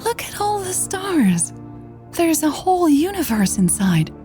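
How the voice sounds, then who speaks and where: Woman putting on a shy excitable young woman, soft breathy delivery, gravelly undertone, dark tone. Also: medium pitch, moderate pace, soft background music, voice pushed up, close to an everyday voice. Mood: excited, awed.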